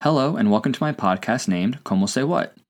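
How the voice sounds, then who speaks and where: A man hosting a scripted language-lesson podcast, asking questions and then repeating each answer slowly twice. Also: medium pitch, animated. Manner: slow repeated drills with pauses. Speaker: language teacher.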